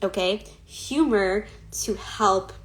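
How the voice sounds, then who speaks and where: A woman's voice: medium pitch, takes it slowly. Woman coach chatting on a phone live, lots of ums and likes, easygoing. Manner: chatty, many fillers and laughs. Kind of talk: Instagram live talk.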